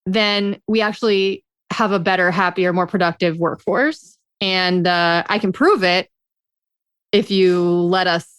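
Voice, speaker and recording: A woman's voice: on the low side, unhurried, fairly bright tone, smooth, no room sound, studio quality. Blunt, emphatic woman co-hosting an advice chat. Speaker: podcast co-host.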